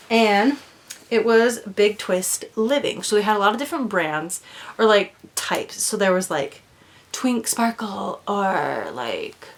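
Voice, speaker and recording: A woman's voice: mid-range voice, fairly bright tone. A young woman chatting casually in a doll vlog, rambling with lots of fillers and sometimes dropping to a whisper. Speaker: doll vlogger. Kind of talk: casual chat.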